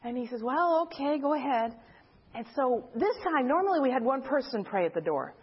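A high-pitched woman with a husky voice tells a story from her church to a group. She acts out the voices of each person she quotes. The recording sounds dull and lo-fi. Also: big pitch swings, brisk. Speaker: church member giving a testimony.

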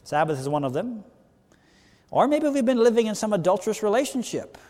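In a church hall with long reverb, a male pastor with a fairly high voice delivers a Bible study sermon in a preacherly style. He's very animated and fairly quick, posing questions to the audience and answering them himself, his loudness swinging widely.

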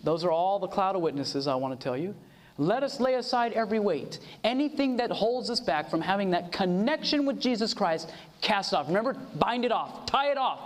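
In what sounds like a large hall with long trailing reverb, a man preaches with earnest conviction, citing scripture and seeking amens. His voice sits very high, rising and falling widely in pitch.

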